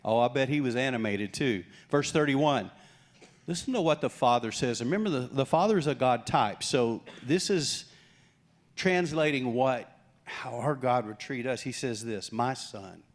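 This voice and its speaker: A middle-aged man preaching a sermon, animated and acting out the voices of the people he quotes. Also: mid-range voice, normal speed. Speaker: pastor.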